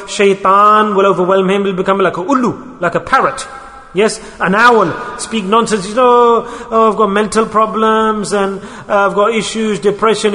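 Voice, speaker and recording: A man's voice: high voice, sharp tone, long reverb tail. A man preaching a sermon in English, dropping Arabic and Urdu religious terms in and pressing the listeners with rhetorical questions. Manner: exhorting, with many rhetorical questions.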